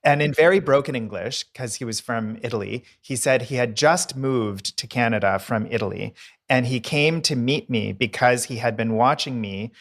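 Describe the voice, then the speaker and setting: A man's voice: medium pitch, moderate pace. A middle-aged man co-hosting a podcast, telling stories in a casual, talkative way. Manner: chatty raconteur, playful voice impressions. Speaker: podcast co-host, decorator. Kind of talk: casual chat.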